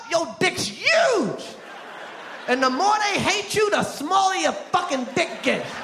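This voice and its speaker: A man performing a profane stand-up comedy set in front of a live audience, with a loud, punchy delivery. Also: extremely high pitch, creaky. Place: large theater stage with live audience. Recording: echoey live venue, crowd noise.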